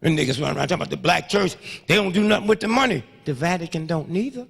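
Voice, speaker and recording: Old guy in his 70s preaching at a crowd, high voice, raspy, big echo off the hall. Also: expressive, fast. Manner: sweeping swings between hushed murmurs and loud outbursts, rhythmic call-outs. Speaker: speaker addressing an audience. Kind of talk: fiery lecture with storytelling. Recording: long reverb of a large hall.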